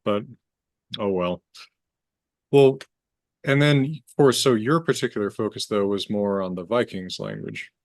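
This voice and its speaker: A man's voice: on the low side, sing-song, measured pace, long pauses, no echo. A man hosting a casual interview, asking curious questions with some hesitant restarts. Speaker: host, language teacher.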